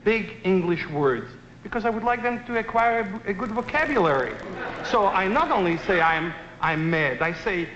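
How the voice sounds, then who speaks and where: A high, bright male voice swoops up and down as he teases and tells little stories to his listeners. The sound is a roomy, dull archive recording. He lectures with playful humor. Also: big pitch swings, normal speed, a little hiss or hum. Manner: playful, teasing, storytelling. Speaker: lecturer on psychology. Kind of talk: humorous anecdotal talk to an audience.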